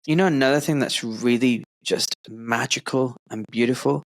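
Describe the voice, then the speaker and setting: A middle-aged Glaswegian man hosts a podcast in a dry, close recording. He talks in an earnest, effusive way, wandering through his thoughts with fillers. His pitch sits in the middle range. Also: moderate pace, no echo. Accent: Glaswegian Scottish. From Scotland. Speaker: podcast host. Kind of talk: warm conversational interview.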